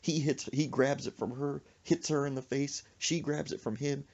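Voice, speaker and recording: A man's voice: medium pitch, steady tone, moderate pace, creaky, darkish tone, lo-fi sound. A man telling a comic story on a podcast, exaggerating and making sound effects as he goes. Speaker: comedic storyteller. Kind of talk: animated comedic storytelling.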